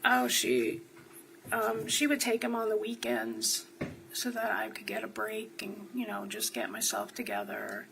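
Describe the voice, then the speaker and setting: Woman from New Jersey, courtroom witness, raspy and bright-toned, faint hum behind her. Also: on the high side, animated, measured pace. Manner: short answers, then rambling storytelling. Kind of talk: courtroom testimony.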